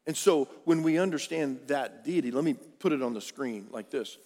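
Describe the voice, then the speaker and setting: A male pastor preaching a sermon emphatically, swinging from loud peaks down to hushed low lines. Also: expressive, moderate pace. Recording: long hall reverb.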